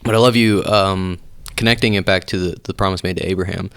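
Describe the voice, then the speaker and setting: Male podcast host, deep flat gravelly voice, halting delivery, dry sound. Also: no echo. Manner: halting, lots of restarts and fillers. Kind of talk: casual chat.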